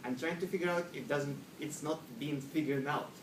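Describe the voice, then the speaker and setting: A middle-aged man with a Russian accent tells a comic story to a live audience in slightly broken English. His delivery is animated, and he acts out other people's lines. He is recorded from far off in an echoey room with noisy ambience. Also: on the high side, normal speed. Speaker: speaker telling a humorous story to an audience. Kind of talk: humorous storytelling speech.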